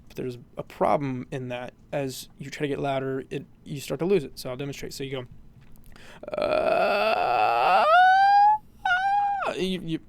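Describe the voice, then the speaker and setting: A man's voice: medium pitch, steady tone, fairly quick, creaky, few pauses, background noise. A man explaining a vocal technique in a casual, rambling tutorial, full of fillers and "you know".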